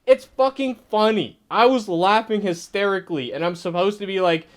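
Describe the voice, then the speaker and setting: Male TV reviewer, high clear voice, sarcastic, swearing, casual vlog rant. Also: moderate pace, hardly any pauses. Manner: sarcastic, profane, laughing rants. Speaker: TV show reviewer.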